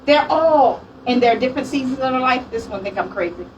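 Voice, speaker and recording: A woman, sharing her testimony at a women's conference in a lively, laughing storytelling manner. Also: sits high, a little fast, dull audio, a little hiss or hum. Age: late 40s. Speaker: minister and speaker. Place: conference room with audience. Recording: distant mic, audience sounds.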